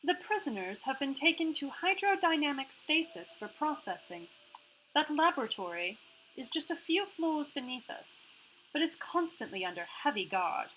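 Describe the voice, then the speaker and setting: A woman reading aloud the lines of a calm female AI hologram, in a measured, formal manner, her accent sliding toward Australian. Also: fairly high pitch, a little hiss or hum, low-quality recording. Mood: calm informative.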